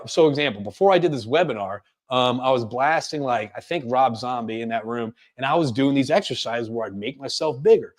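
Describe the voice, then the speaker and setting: Fast-talking man giving a coaching webinar. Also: mid-range voice. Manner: rapid, energetic delivery with frequent fillers and restarts. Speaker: webinar presenter. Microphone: webinar microphone.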